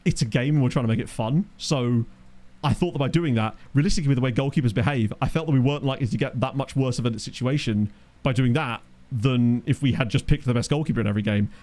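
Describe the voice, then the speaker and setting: A man's voice: medium pitch, fast, darkish tone. A man streaming a football management game, chatting casually with his chat, rambling and joking as he plays. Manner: rambling, jokey, reacts to chat. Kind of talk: casual live-stream commentary. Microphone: desk microphone.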